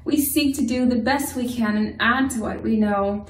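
A woman leading a rhymed opening prayer in a measured, sing-song way. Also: on the high side. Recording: echoey room, voice from off-mic.

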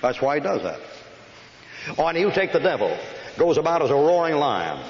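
A folksy preacher with a fairly high voice, joking with his congregation and rattling off long lists. He speaks in a church hall with long, booming reverb. The old recording sounds dull and lo-fi, with faint hiss underneath. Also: very animated. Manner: folksy, joking, rapid listing. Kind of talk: folksy sermon.

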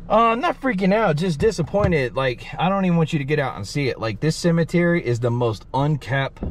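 A man hosting a paranormal vlog, talking in a hushed, halting, emotional way at a cemetery. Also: on the high side, lively intonation, a little hiss or hum. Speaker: paranormal vlogger host. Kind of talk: casual ghost-hunting vlog commentary. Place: outdoors and in a car at a cemetery.

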